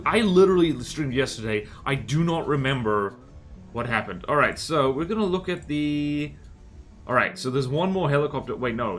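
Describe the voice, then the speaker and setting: A man chats casually through a live game stream, his voice sitting at an ordinary middle pitch. He rambles from one thought to the next and pokes fun at himself as he goes. Faint guitar music plays softly in the background. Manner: rambling, self-mocking and jokey. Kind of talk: casual live-stream chat while playing.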